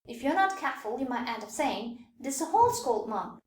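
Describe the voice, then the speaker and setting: Female language teacher, high voice, deliberate tone demos, roomy echo. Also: sing-song, darkish tone. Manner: clear, deliberate demonstration of tones. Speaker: Mandarin teacher. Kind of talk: scripted language lesson.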